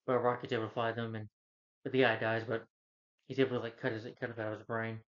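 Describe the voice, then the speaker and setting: A man's voice: mid-range voice, flat delivery, fast. A man talks through a movie's plot from home in a casual, meandering recap. He fills the gaps with "you know" and often restarts his sentences. His mid-range voice comes through a dull, lo-fi recording. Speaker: movie reviewer. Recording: dull lo-fi sound.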